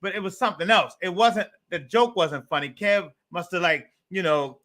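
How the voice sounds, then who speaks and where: A man's voice: high voice, lively intonation, moderate pace, bright, forceful tone. A man in casual podcast chat, earnest and rambling, repeating words as he goes.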